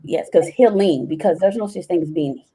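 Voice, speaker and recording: A woman's voice: on the low side, a little fast, mellow, breathy edge. A woman speaking as a podcast guest in a casual, open interview, acting out past conversations as she talks. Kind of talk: casual candid interview talk.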